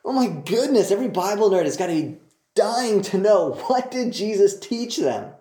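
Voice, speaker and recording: A man's voice: high voice, sing-song, normal speed, warm tone. A man teaching a Bible passage in a casual, enthusiastic way, full of joking asides. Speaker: preacher. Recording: roomy echo.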